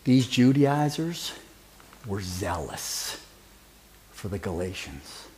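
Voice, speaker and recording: A man's voice: fairly low pitch, big pitch swings, takes it slowly, warm tone, a little hiss or hum. A man preaching a sermon who asks his congregation questions and teases members by name. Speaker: pastor.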